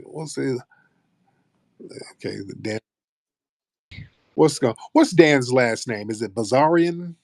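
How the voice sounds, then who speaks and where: An American host of an online audio show chats casually, trading loose, profane, playful banter. His mid-range voice is creaky with lively intonation, a slow pace, and long pauses, captured at studio quality with no echo.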